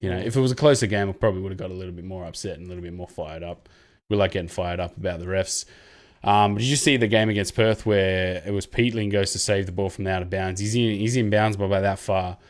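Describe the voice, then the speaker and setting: A man co-hosting a casual sports podcast, chatting loosely and acting out referees in mocking voices. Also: fast talker. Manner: animated, mimics referees with jumps in pitch. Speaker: podcast co-host.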